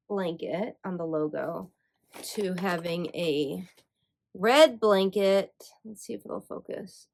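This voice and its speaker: A woman yarn dyer from Michigan hosting her own channel, chatting casually and eagerly as she shows off items, with frequent ums and likes. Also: medium pitch. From Michigan, USA. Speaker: yarn dyer and podcast host. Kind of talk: casual show-and-tell chat.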